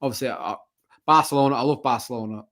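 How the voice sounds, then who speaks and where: A man's voice: mid-range voice, fast talker, a bit bright. A young man with a Mancunian accent, chatting casually as a guest on a football talk show, rambling with frequent restarts and fillers. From Manchester, England. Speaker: podcast guest, football fan content creator. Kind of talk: casual chat.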